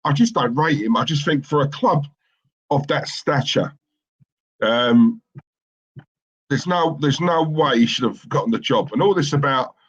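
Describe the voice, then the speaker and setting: A man's voice: mid-range voice, breathy edge, dull audio. A man co-hosting a live football watchalong stream, chatting casually and reading out viewer comments in a rambling, opinionated way with lots of fillers and restarts.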